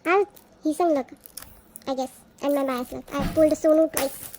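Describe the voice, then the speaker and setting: A woman unboxing albums on a casual vlog, gushing excitedly and gasping at each card she pulls. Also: sits high, normal speed.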